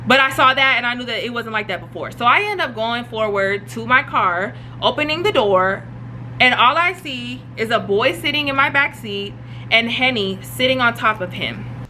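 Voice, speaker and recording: A young adult woman vlogger telling a storytime in an animated, slangy way, full of fillers. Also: a little high, moderate pace, a little hiss or hum. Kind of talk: storytime vlog.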